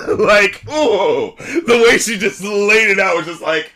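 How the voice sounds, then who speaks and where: Animated, bright-voiced man chatting on a podcast. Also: sits high, takes it slowly. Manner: animated, laughs often, swears freely, acts out quotes. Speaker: podcast co-host reviewing albums. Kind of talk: casual chat.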